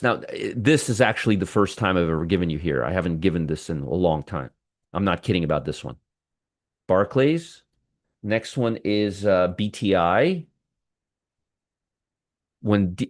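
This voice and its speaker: A man's voice: lowish voice, no echo, clean studio sound. A man hosting a live pre-market trading show, running through stock picks with a wry, teasing manner.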